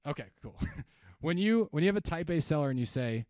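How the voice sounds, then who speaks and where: A man's voice: fairly high pitch, animated, brisk, a little mellow, clear, resonant tone, no room sound, studio quality. A man giving a live sales training talk, conversational, asking the room questions and acting out calls with sellers. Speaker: sales trainer speaking at an event.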